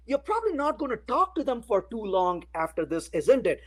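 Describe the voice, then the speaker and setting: A man's voice: extremely high pitch, sing-song, brisk, few pauses, rough recording. A man giving a technical conference talk with live coding. He talks playfully, tells everyday anecdotes, asks the audience questions and uses many "uh, you know" fillers. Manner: addresses the audience directly with questions. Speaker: conference speaker.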